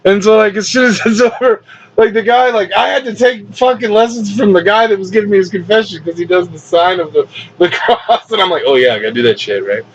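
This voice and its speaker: Laughing a lot and cursing without restraint, a pro wrestler and podcast host casually recounts a story. He has a high-pitched, steady-toned voice and talks a little fast, and the lo-fi recording sounds dull with faint hiss.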